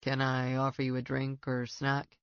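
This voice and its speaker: A woman voicing a composed male executive and former soldier with a deep, slightly rusty voice, speaking with calm courtesy in an audiobook. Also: normal speed, smooth, no echo, highs cut off. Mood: courteous.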